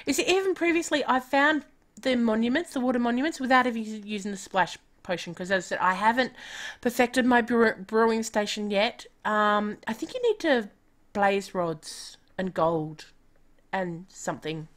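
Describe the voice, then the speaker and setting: A woman's voice: a little high, lively intonation, moderate pace. A woman chatting casually on a live game stream, self-deprecating and talking to herself as she plays.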